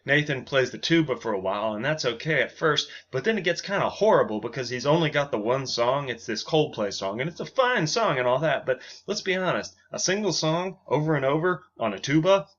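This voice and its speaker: A man telling a comic story in a deadpan, offhand way, with casual asides, on a dull lo-fi recording. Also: mid-range voice, brisk, hardly any pauses.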